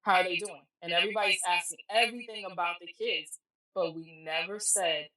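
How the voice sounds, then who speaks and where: A woman's voice: fairly low pitch, a little fast. A middle-aged woman telling a personal story as a podcast guest, blunt and emphatic, acting out the voices of people she quotes. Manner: animated, acts out quoted dialogue, emphatic and blunt. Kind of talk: emotional personal storytelling in casual chat. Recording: echoey room, distant mic.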